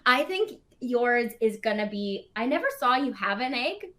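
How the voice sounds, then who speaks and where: Chatty woman with a higher voice. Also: normal speed. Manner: chatty, animated retelling with quoted asides. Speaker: actress promoting a film. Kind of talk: casual playful chat.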